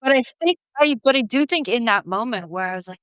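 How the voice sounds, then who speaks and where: A woman's voice: on the high side, brisk, smooth, dry recording, clean studio sound. A middle-aged woman from Canada, a podcast guest telling her own story candidly and acting out what she said. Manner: animated, acts out quotes of herself.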